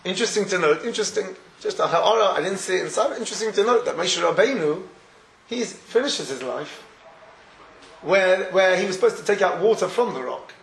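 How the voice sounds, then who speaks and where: Guy giving a torah class, kinda high voice, laughs a lot as he tells stories, echoey room. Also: fairly quick, creaky, a little hiss or hum. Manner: animated storytelling, laughs often. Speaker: rabbi teaching Torah.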